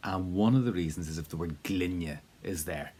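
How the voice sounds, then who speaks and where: A man's voice: low voice, normal speed, mellow, slightly rough. A man teaching a spoken language lesson in a casual, encouraging way, with plenty of fillers and repeated drill prompts.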